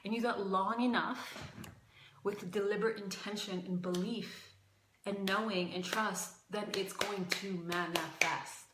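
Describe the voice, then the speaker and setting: A woman's voice: medium pitch, fairly even intonation, unhurried, echoey room, background noise. A young adult woman teaching as a life coach in a casual livestream, talking emphatically and repeating phrases, a bit out of breath.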